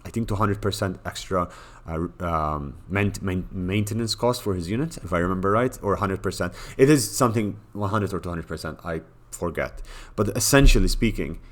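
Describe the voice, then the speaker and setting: A man's voice: low-pitched, moderate pace. A man talking casually through a game tier list, blunt and joking, with many fillers and restarts. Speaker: gaming commentator.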